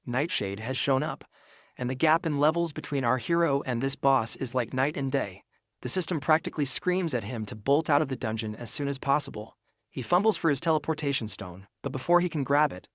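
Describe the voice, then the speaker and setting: A man narrating a comic recap in a brisk, casual storytelling manner with slangy asides. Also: medium pitch, dry recording, clean studio sound. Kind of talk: scripted narration.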